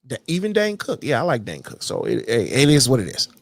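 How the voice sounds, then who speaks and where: Blunt, animated man ranting. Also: mid-range voice, fairly quick, gravelly, dry recording. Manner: blunt, profane, mocks others in whiny voices. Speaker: podcast host. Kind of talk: casual rant monologue.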